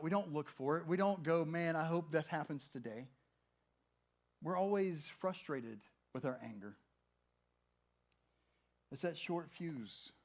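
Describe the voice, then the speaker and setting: A man in his thirties delivers a sermon in a chatty, playful way. His voice sits a bit high for a man. He slips into little acted-out voices for people's thoughts. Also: a little mellow. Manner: conversational and humorous, acts out quoted thoughts. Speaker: pastor.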